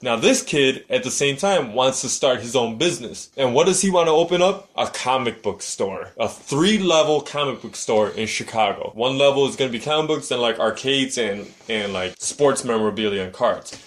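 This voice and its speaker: A man's voice: medium pitch, lively intonation, moderate pace, hardly any pauses. A man co-hosting a podcast, telling a long story in loose, profane banter. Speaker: podcast co-host. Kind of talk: casual banter.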